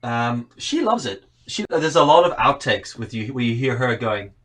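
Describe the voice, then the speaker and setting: A man's voice: mid-range voice, big pitch swings, normal speed, a bit bright. A man in his thirties from South Africa, with a South African accent blended with Northern Irish, chatting casually and telling rambling, self-deprecating stories on a remote call. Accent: South African mixed with Northern Irish. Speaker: podcast guest. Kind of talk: casual chat.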